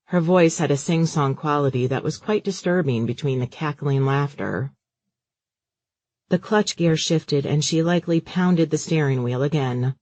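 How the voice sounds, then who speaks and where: A man narrating a romance audiobook in a measured, even storytelling manner. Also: mid-range voice, no echo.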